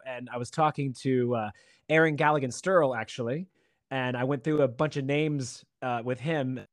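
A man's voice: medium pitch, normal speed, no echo, clean studio sound. A man from Virginia Beach, a stage actor guest, telling stories in casual podcast chat and acting out the people he quotes. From Virginia Beach, USA. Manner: animated storyteller, acts out quotes.

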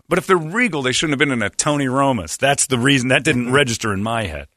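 A man's voice: mid-range voice, fast talker, dry recording. An American man in his forties hosting a casual talk show, telling stories animatedly and slipping into mimicked voices. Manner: animated storyteller, mimics accents and other voices. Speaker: radio show host. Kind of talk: casual chat.

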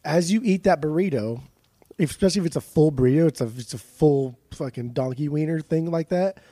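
A young man chats loosely and laughs at his own riffs in a casual podcast. His voice sits a little high with a warm, mellow tone. The sound is dry and close, with no room around it. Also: brisk, dry recording. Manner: goofy, laughs often, rambling riffs. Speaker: podcast co-host. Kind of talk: casual chat.

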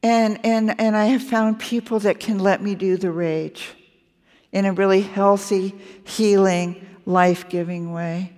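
A candid, wry woman in her sixties talks onstage at a festival. She slows down to lean on her words. Her voice carries the long reverb of a large hall. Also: mid-range voice, steady tone, a little mellow. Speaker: guest author. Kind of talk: live onstage conversation.

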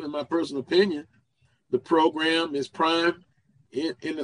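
Male guest, slightly high voice, measured answers with restarts. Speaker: guest radio host. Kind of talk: interview answers.

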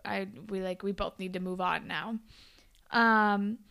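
A woman co-hosting a podcast in casual chat, blunt and quick to swear, laughing often. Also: medium pitch, fairly even intonation, vocal fry, pushed and bright, clear, resonant tone. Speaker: podcast co-host recapping a TV episode.

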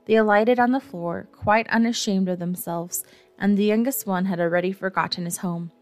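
A woman narrating a classic children's story gently, with a wry touch. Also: mid-range voice, fairly even intonation, moderate pace, faint music behind. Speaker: audiobook narrator.

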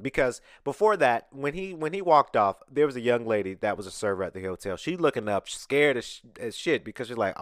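Speaking at a moderate pace with a medium-pitched voice, a podcast host from Atlanta tells a casual story and animatedly plays the parts of those he quotes. It's recorded in a studio on a podcast mic, with studio quality and no echo.

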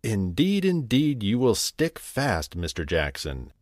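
A man's voice: on the low side, wildly swooping pitch, slow pace, no echo, clean studio sound, exaggerated voice. A man voicing a fussy, tidy little female house mouse in a storybook reading, prim and scolding.

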